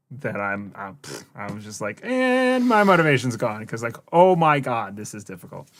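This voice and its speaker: A man co-hosting a podcast, relaxed and wry. He tells stories about his games with dry humor and frequent laughter. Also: fairly low pitch, moderate pace, no echo. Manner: laid-back, wry, laughs often. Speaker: podcast co-host. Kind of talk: casual chat.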